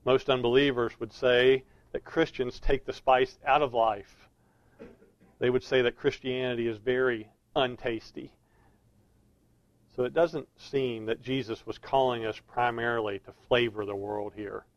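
An earnest male preacher working through a verse, slowing down to press each key word home. His voice sits at a middle pitch. The recording is dry and a little dull. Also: steady tone, dry recording. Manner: earnest, stresses key words with slow emphasis. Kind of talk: expository sermon.

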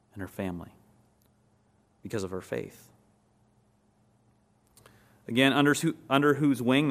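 A man preaching a sermon and teaching from a text. He asks the listeners questions, then answers them, and slows down and softens on key words. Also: mid-range voice. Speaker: pastor.

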